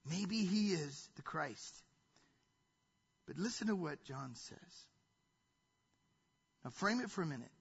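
A man delivers a sermon with a high, bright voice and a husky edge. He preaches emphatically and conversationally, often dropping to a hush. The recording is dull and lo-fi. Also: lively intonation, slow, pauses often.

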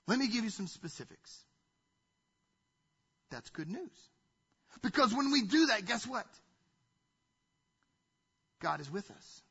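A man preaching a sermon in an emphatic, conversational way, often dropping to a hushed tone. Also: high voice, animated, a little slow, pauses often, breathy edge, dull audio. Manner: emphatic, conversational preaching with sudden drops to a hush.

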